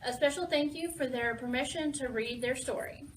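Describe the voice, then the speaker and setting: A woman's voice: high-pitched, normal speed, recorded from a distance, slight background noise, rough recording. A woman reading a picture book aloud to children in a playful pirate persona, asking them questions as she goes. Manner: playful pirate-talk, animated with questions to kids. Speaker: children's storytime reader.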